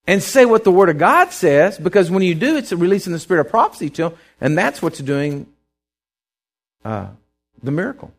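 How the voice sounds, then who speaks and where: A middle-aged male preacher giving a sermon, telling stories and swinging from quiet asides to loud, emphatic lines. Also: sits high, big pitch swings, normal speed.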